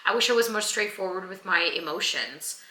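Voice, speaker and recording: A woman's voice: medium pitch, a little fast, pushed and bright. A young woman who acts, reflecting on her year in an earnest, rambling way for her vlog channel. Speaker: vlogger and actor. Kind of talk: casual year-end vlog. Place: home. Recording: echoey room.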